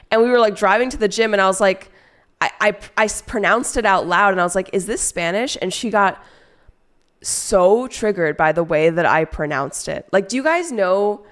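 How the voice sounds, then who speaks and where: A woman's voice: medium pitch, a bit bright. Casting note: woman streamer, tipsy and stoned, loose rambling chat full of swearing. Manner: swearing, chatty, rambling with fillers. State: drunk and stoned. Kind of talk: casual chat with viewers.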